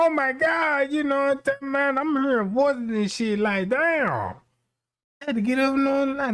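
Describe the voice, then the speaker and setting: A man's voice: very high-pitched, normal speed, fairly bright tone. A man hosting a stream, ranting casually and cracking profane jokes, rambling and slipping into quoted voices. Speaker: streamer host. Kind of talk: casual comedic rant.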